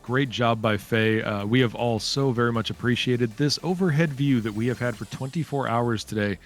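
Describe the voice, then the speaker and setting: A man's voice: medium pitch, normal speed. Guy doing chatty live race commentary on a stream, faint music underneath. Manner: chatty, thanks viewers by name.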